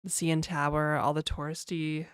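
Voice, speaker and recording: A woman's voice: deep voice, level tone, normal speed, clean tone, no room sound, studio quality. A woman game developer streaming and chatting casually, laid-back and talkative, often laughing and saying "like" and "dude". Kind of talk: casual livestream chat.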